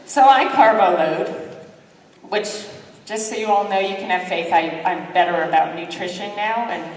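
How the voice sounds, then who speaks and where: A woman giving a motivational keynote, telling lively, self-deprecating stories and acting out what people said. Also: mid-range voice, moderate pace, a little hiss or hum. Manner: lively, self-deprecating storyteller who acts out quotes. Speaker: keynote speaker. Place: large conference hall. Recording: echoey hall, distant mic.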